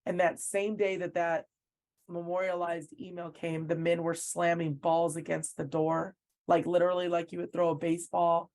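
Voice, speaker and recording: Female coach, interview guest, earnest storyteller, fairly low voice. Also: level tone, moderate pace, a little mellow. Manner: earnest storytelling that acts out what others said. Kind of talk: recounting events in an interview.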